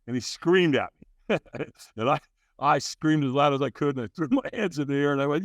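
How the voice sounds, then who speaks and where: A man guesting on a podcast, telling his story with a lively, wide-ranging voice pitched slightly high. He slips into the other characters' lines with sudden jumps in pitch. The sound is close and dry, with no room in it. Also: brisk, dry recording. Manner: acts out dialogue with big jumps in pitch. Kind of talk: animated storytelling.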